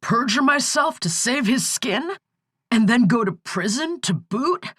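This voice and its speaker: A woman's voice: mid-range voice, animated, unhurried, a bit bright, dry recording, voice pushed up. A woman narrator voicing a desperate young man in jail, quavering and close to tears, in an audiobook. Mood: angry. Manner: quavering, panicked, pleading. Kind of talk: audiobook character voice.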